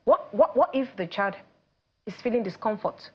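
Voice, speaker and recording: A woman's voice: fairly high pitch, normal speed, slightly rough. Nigerian lady coach on a tv talk show, acts out parents n kids, slightly muffled. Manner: animated, acts out parents and children in quoted voices. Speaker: teen coach guest. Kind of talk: studio talk show conversation.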